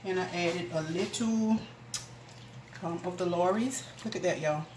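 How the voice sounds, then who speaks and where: A homey, chatty woman talks viewers through her cooking, her voice a little low. She's recorded in an echoey home kitchen, with household noise clearly heard behind her. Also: unhurried. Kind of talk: casual cooking demonstration.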